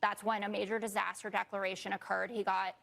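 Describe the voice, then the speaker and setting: A woman's voice: medium pitch, level tone, fast, gravelly, fairly bright tone. A woman commentator on a television panel, insistently laying out facts in order to make a pointed argument. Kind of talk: argued commentary on a talk panel.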